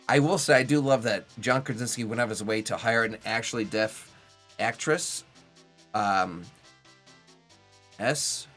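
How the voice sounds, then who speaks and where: Young male streamer, bright and forward tone, loose rambling commentary over quiet game music. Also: mid-range voice. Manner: rambling, chatty, heavy on "like" fillers. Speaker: Twitch streamer playing a video game. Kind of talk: casual live gameplay commentary.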